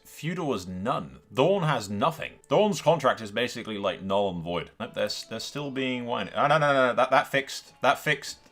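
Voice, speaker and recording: A man playing a strategy game at home, chatting casually to his viewers, laughing and talking to the characters on screen. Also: mid-range voice. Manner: animated, talks to the game characters, laughs often. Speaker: gaming YouTuber. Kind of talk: casual let's-play commentary.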